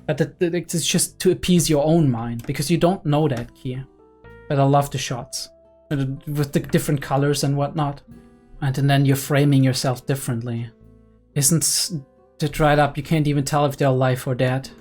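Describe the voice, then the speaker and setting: Excited young man breaking down anime. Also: mid-range voice, normal speed, faint music behind. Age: young adult. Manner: excited, analytical, frequent "right?" and "like" fillers. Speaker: anime reaction creator. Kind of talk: casual reaction commentary.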